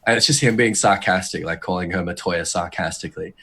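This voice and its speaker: A man talking in a casual podcast, rambling with many restarts and getting animated as he speculates. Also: sits low, a little fast, slightly rough. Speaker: podcast guest.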